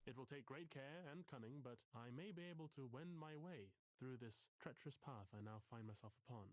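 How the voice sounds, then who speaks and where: A melodramatic, self-pitying male English professor, voiced by an actor in a video game. He talks in florid, theatrical sentences, mid-pitched, close and dry. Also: brisk, dry recording, natural voice. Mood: brooding. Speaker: therapy client.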